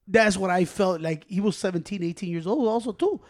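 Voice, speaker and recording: A man co-hosting a casual chat, profane and excitable, slipping between English and Spanish slang. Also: high voice, brisk. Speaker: podcast co-host.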